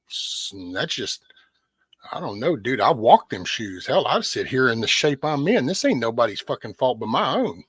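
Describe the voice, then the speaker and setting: A man's voice: mid-range voice, very animated, takes it slowly, pauses often, slightly rough, no echo. A man hosting a casual livestream, ranting bluntly with lots of swearing and answering viewers' chat by name. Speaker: livestream host.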